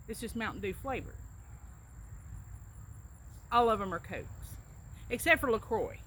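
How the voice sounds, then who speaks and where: A woman's voice: mid-range voice, fairly bright tone, a little hiss or hum. A woman with a Southern US accent, chatting casually and telling stories with a laugh. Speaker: vlogger doing an accent tag. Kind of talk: casual chat.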